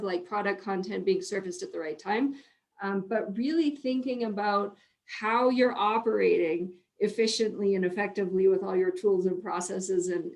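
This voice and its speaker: A woman hosting a business webinar in an upbeat, chatty way, her voice slightly hoarse. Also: mid-range voice. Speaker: webinar host. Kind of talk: conversational panel talk.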